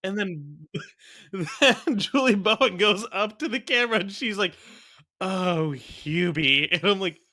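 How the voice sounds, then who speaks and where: A young adult man co-hosts a podcast, casually chatting as a movie reviewer while retelling scenes from a bad movie in disbelief. His voice sits high and sounds pushed and bright, animated at a moderate pace.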